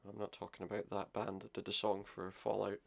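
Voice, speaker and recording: A man's voice: lowish voice, level tone, brisk, vocal fry. A man giving casual commentary while playing a game, muttering his thoughts aloud. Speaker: let's play gamer.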